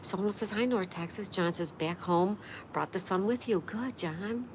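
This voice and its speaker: A woman's voice: medium pitch, normal speed, background noise. A woman hosting a casual livestream, reading viewers' comments aloud in a chatty, friendly manner. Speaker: livestream host reading chat.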